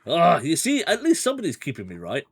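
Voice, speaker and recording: High-pitched and breathy, this man talks quickly with huge swings in pitch while streaming a gamebook. He rambles in a relaxed, chatty way, adding side comments and chuckles.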